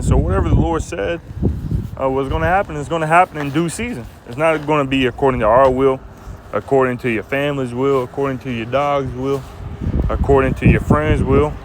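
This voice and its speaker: A man preaching informally and reading scripture aloud, casual and halting, often ending lines with "man," recorded outdoors in a city. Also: mid-range voice, steady tone. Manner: casual, repeats "man" at line ends, halting fillers. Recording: loud wind and traffic noise outdoors.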